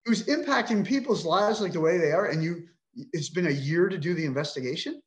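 Speaking a little fast in a voice that sits high, a middle-aged man recounts his personal experience on a podcast with emotion, frustration and indignation, swearing often. The sound is reverberant.

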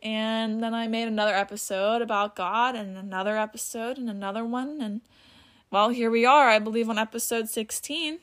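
A woman's voice: fairly high pitch, steady tone, moderate pace, a bit bright. A woman hosting a casual Bible teaching podcast, chatty and loose, often saying "like", sometimes stuttering and losing her place. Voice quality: stutters at times. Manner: loses her place and restarts. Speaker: podcast host.

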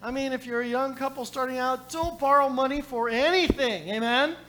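A man preaching a sermon, telling a story with jokes to the congregation, moving from loud calls to quiet scripture reading. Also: extremely high pitch, normal speed. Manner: joking asides to the congregation. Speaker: pastor.

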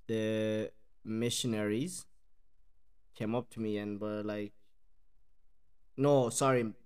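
A man's voice: lowish voice, darkish tone, clear, resonant tone. Laid-back man with Irish-South African accent. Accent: mixed Irish and South African. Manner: laid-back, laughs often, says "eh?". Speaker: podcast co-host. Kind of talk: casual podcast chat.

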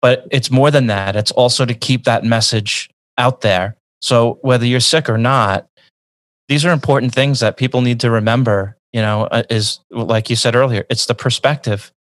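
A man speaks earnestly in casual conversation, his pitch sitting in the middle of the range. He often repeats words as he searches for what to say next. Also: steady tone, moderate pace, no room sound. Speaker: guest.

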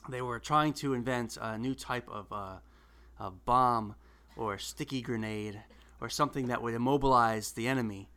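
A man chatting casually on a podcast, easygoing and spinning deadpan jokes. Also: medium pitch, normal speed, clear, resonant tone. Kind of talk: casual chat.

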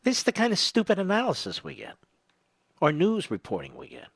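A man's voice: high voice, wildly swooping pitch, a little fast, fairly bright tone, no room sound. Combative older male talk radio host. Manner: combative, sarcastic, builds to emphatic peaks. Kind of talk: political talk radio monologue. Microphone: studio microphone.

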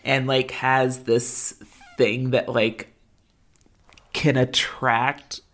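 A woman's voice: a bass voice, flat delivery, extremely slow, fairly bright tone. A woman co-hosting a casual recap chat, with lots of fillers and frequent laughs. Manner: filler-heavy, laughs often. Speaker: podcast co-host.

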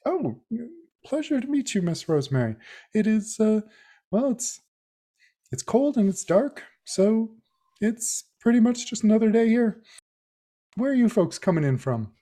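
A man's voice: high-pitched, very animated, a little slow, mellow, voice pushed up, exaggerated voice. A man voicing a fussy older male small-town doctor who stammers in a raised voice. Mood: flustered. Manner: flustered, stammering.

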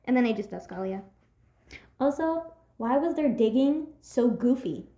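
Young woman, casual co-host, rambling and giggly, higher voice. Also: animated, normal speed, dark tone. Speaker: podcast co-host. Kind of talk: casual chat about a movie. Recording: echoey room.

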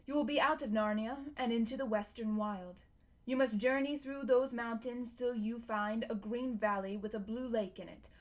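A woman's voice: a little high, natural voice. A woman voicing Aslan, a majestic lion. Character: majestic, commanding male lion, wise and solemn. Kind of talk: storybook reading.

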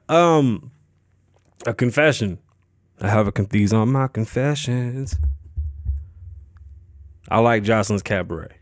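A man's voice: medium pitch, no room sound, studio quality. A young man from Las Vegas hosting his own podcast, chatting casually and loosely, swearing freely and rambling with lots of fillers and restarts. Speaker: podcast host. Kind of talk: casual solo podcast chat.

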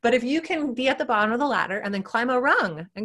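A woman gymnastics coach chatting on a podcast through an earbud mic, acting out quotes with big jumps in pitch. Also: animated, fast, fairly bright tone. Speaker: gymnastics mindset coach, guest. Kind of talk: casual podcast chat.

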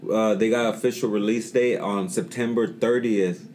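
Male co-host, lowish voice, meandering with lots of fillers. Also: steady tone, moderate pace, a little mellow, slight background noise. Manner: rambling, many fillers and restarts. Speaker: podcast co-host. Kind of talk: casual podcast chat.

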